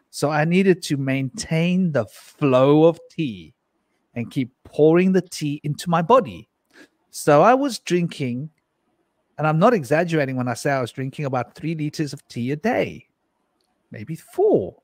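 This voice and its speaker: A man's voice: a little high, sing-song, moderate pace, no echo. Rambling man telling a tale, laughing. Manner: rambling, laughs often, acts out quotes. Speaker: panel guest. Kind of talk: casual storytelling on a live panel.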